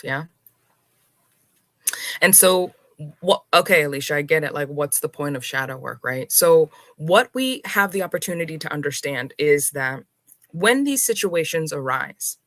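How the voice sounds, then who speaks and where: A woman hosting a live spiritual talk, unhurried and reflective, speaking to her viewers with soft laughs and pauses. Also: deep voice, no echo.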